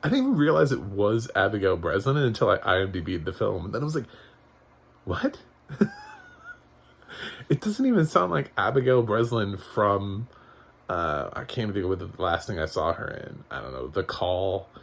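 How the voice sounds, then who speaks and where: A man's voice: low-pitched, animated, fairly quick, vocal fry. A man giving a casual spoken movie review, rambling with frequent chuckles, fillers and restarts. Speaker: film reviewer.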